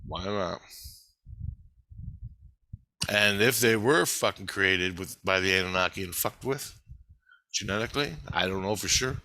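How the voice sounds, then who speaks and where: A man's voice: low voice, moderate pace, dry recording. A man rambling to the camera in a loose monologue, swearing constantly and often laughing. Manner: profane, rambling, excitable; laughs often while talking.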